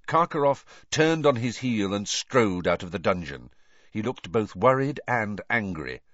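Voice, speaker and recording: A man reading a story aloud in an expressive storytelling manner. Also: on the low side, unhurried, no room sound, dull audio. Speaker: audiobook reader. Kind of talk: scripted narration.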